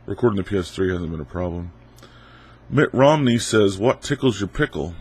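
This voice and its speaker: A man's voice: low voice, animated, normal speed, slightly rough. A young man with a cold, casually reading out viewer questions and answering them with offhand jokes. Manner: joking, offhand, reads questions aloud. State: has a cold. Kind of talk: casual Q&A vlog.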